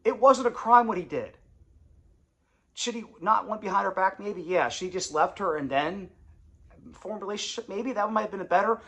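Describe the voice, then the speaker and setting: A man's voice: high-pitched, moderate pace, bright, forceful tone. A man and former congregation elder telling his story in a casual, confessional way, rambling and repeating phrases.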